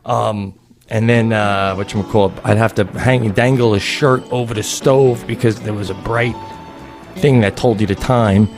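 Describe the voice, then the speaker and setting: A man co-hosting a comedy podcast, telling a rambling, animated story in casual chat. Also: fairly low pitch, moderate pace, music in the background. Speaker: podcast co-host.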